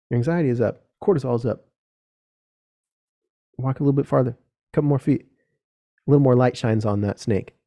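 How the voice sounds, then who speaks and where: A man's voice: medium pitch, gravelly, mellow. A young man hosting a solo podcast, talking earnestly and directly to other men, casual and with some swearing. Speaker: podcast host.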